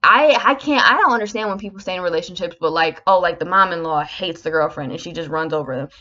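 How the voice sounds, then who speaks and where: A woman's voice: lowish voice, fast talker, pushed and bright. A woman in her twenties hosting a casual solo podcast, talking candidly, animatedly and swearing constantly. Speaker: podcast host. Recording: slightly muffled lo-fi recording.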